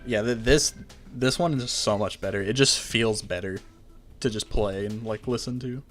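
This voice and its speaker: A man's voice: lowish voice, normal speed, a bit bright, soft background music. A man hosting a game playthrough, reading the story text aloud and breaking off with dry, joking asides. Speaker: let's play host.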